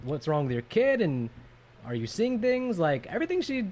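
A man's voice: high-pitched, sing-song, moderate pace, darkish tone. A man co-hosting a casual movie podcast, chatty and jokey, often trailing off with fillers. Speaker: podcast co-host.

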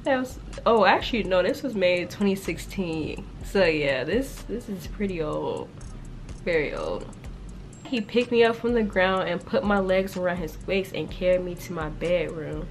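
A young woman casually reacting to and reading her old writing aloud, animated and slangy, with frequent laughter in her delivery. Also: lowish voice, normal speed, faint music behind. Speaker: YouTuber.

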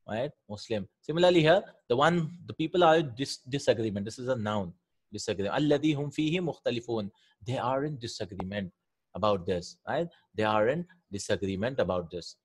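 Husky-voiced man teaching Arabic grammar. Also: medium pitch. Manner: explains patiently, often asks "right?", repeats words. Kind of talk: Quranic Arabic grammar lesson.

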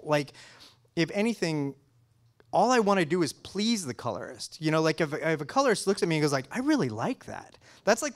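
A man speaking as a color scientist guest in a casual technical interview, enthusiastic and full of restarts and fillers. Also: fairly high pitch.

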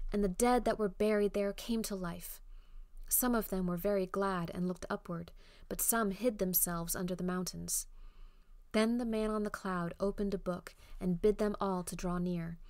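A woman's voice: medium pitch, fairly even intonation, normal speed, darkish tone, dry recording, clean studio sound, lightly acted. A woman voicing a trembling, frightened man who tells of a terrifying dream in a fearful, urgent way.

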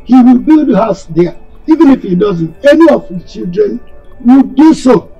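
A man with a Nigerian accent playing a firm elder brother and father who refuses a demand and calms his son. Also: sits high, highs cut off, faint music behind. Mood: stern. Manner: stern, deliberate, religious reassurance.

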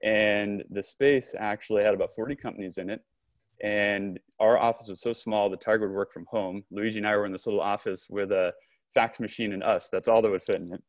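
Brief: low male voice, animated storyteller, dry close-miked studio sound. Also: a little fast, dry recording. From Southern California. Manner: animated storyteller, frequent restarts and quoted dialogue. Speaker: podcast guest, company co-founder. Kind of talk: storytelling in a conversational interview.

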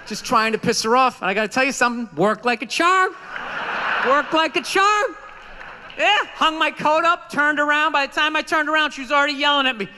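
A stand-up comedian, a man with a very high, piercingly bright voice, rants profanely and acts out the people in his stories. He works a club stage through a stage microphone, with a faint hiss under the sound. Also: a little fast. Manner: profane, ranting, acts out quotes. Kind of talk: stand-up set.

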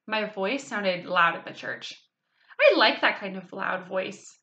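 Woman, bright voice, expressive storybook reading, chatty asides. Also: medium pitch, measured pace. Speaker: reader. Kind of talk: reading a children's book aloud with casual asides.

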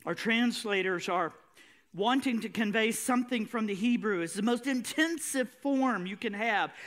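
A man's voice: high-pitched, a bit bright. A male pastor preaching a sermon with an emphatic, repetitive cadence.

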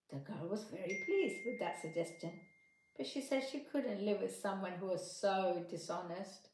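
A woman's voice: mid-range voice, moderate pace, a little mellow. Woman reading a children's story aloud. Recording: echoey room.

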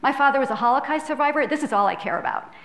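A woman's voice: high voice, racing, a bit bright. A middle-aged woman, a public health professor, giving an earnest, conversational lecture in a filmed hall, checking in with the audience as she goes. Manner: earnest, conversational, with tag questions. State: tearful at times.

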